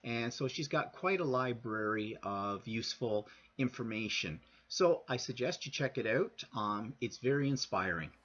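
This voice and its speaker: A man's voice: mid-range voice, expressive, normal speed, hardly any pauses, fairly bright tone. Hesitant man with a dull lo-fi sound. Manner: hesitant, many ums. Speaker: vlogger recommending a site. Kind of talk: casual vlog recommendation.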